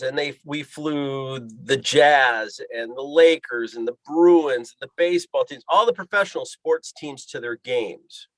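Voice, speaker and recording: A man's voice: on the high side, no echo. A man telling a story as a podcast guest, acting out the voices in the dialogue he quotes. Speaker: guest, pilot and fishing guide. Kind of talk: animated storytelling.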